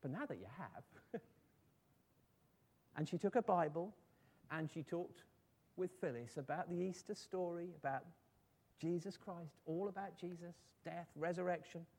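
A man's voice: sits high, unhurried, gravelly, pauses often, darkish tone. A man preaching a sermon, telling a story in an earnest voice and rising to fervent appeals.

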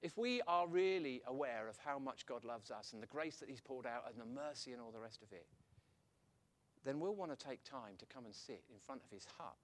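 A man preaching a sermon in a chatty, animated way, laughing at his own points. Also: mid-range voice, a little fast.

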